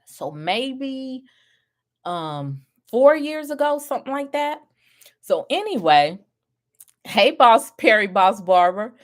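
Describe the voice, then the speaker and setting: A middle-aged woman mentoring group home owners, telling a story in an animated way, laughing often and acting out what people said. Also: on the high side, slow pace. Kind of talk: storytelling to viewers.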